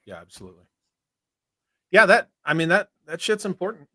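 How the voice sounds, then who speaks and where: A man's voice: high-pitched, very animated, brisk, bright, forceful tone, no room sound, studio quality. A man hosting a casual livestream chat, reading viewer messages aloud, frank and profane. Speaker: host.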